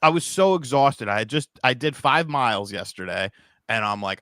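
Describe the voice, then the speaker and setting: Animated and bright with a forceful tone, this mid-range male voice moves at normal speed in a dry, clean studio recording. He hosts a podcast livestream in a rambling, casual manner, swearing, reading donations, and laughing at his own gags, tired from getting little sleep.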